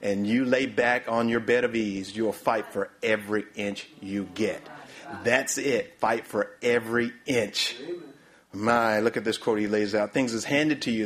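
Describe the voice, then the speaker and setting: A man preaching a sermon, often stopping to say "my, my, my" and asking for the next slide. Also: lowish voice. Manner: repeats "my, my, my", calls for the next slide.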